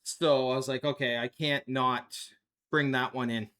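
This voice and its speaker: A man's voice: medium pitch, flat delivery, measured pace, a bit bright. A man hosting a live stream, chatting casually with his viewers and laughing often at a desk microphone. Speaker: livestream host.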